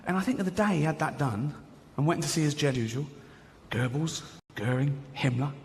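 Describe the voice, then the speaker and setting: A man delivers stand-up comedy in a big hall, his voice carrying a long echo. He talks in a chatty, mocking way and keeps laughing at his own lines, with audience noise clearly heard behind him. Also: on the high side, a little fast. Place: large theatre with live audience.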